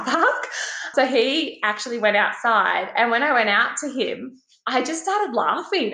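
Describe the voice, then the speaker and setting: A young pregnant woman from Australia, casually telling a story and swearing, acting out quoted voices with big jumps in pitch. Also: pushed and bright. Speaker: guest telling a personal story. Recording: roomy echo.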